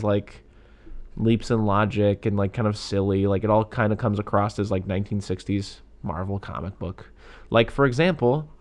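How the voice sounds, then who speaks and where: A man co-hosting a casual movie podcast, talking loosely with lots of fillers and asides. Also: on the low side. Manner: loose and rambling, lots of "like" and "yeah". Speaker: podcast co-host. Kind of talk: casual movie review chat.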